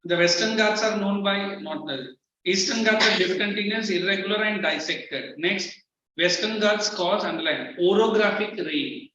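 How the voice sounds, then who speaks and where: In this classroom lecture, a male teacher with an Indian English accent blends Hindi into his English and stays firm with the students. He sounds high, pushed and bright, speaking at a moderate pace. Captured from afar, the audio is muffled and echoey with a little background noise.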